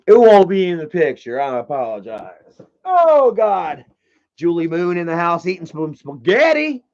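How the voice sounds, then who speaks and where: A man's voice: mid-range voice, darkish tone. A man hosting a casual livestream, rambling, swearing freely and greeting viewers in the chat. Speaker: livestream host. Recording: muffled lo-fi stream audio.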